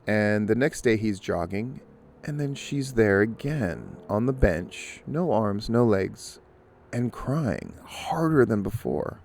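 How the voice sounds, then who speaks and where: Gravelly man telling a long joke. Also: fairly low pitch, animated, takes it slowly, a little mellow, a little hiss or hum. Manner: storytelling, conversational with filler restarts. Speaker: news and commentary host. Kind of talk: casual commentary and joke telling.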